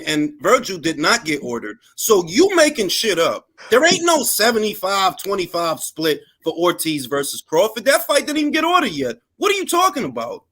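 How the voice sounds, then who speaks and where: Host, male, high lively voice, pushes hard and repeats himself in a panel argument. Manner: forceful, repetitive, cuts others off. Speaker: host of boxing talk panel. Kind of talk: heated panel debate.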